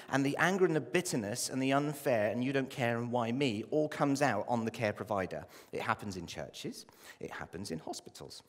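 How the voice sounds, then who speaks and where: Male pastor, passionate sermon delivery, average pitch, recorded with a long hall echo. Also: expressive, fairly quick, few pauses. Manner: impassioned, rising to loud pleading then dropping low. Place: church.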